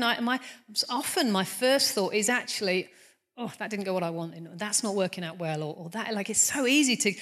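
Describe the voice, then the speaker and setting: A woman's voice: medium pitch, fairly bright tone. A middle-aged woman preaching a sermon in an earnest, conversational way, often restarting her sentences and poking fun at herself. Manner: conversational, earnest, self-deprecating, frequent restarts.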